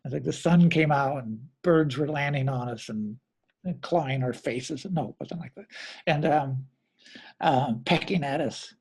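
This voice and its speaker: A middle-aged Midwestern drummer being interviewed speaks a little slowly in a mid-range, darkish, husky voice. He tells rambling anecdotes casually, often correcting himself and acting out quotes.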